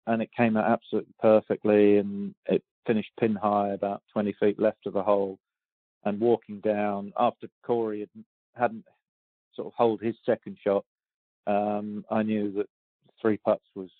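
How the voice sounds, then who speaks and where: A man in his sixties with a lowish voice telling stories in an interview, hesitant with frequent ums and restarts. He comes through a tinny phone line that sounds dry and close. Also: little pitch movement, moderate pace, no echo. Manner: hesitant, lots of ums and restarts, laughs easily. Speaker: golf champion guest. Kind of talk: relaxed storytelling interview.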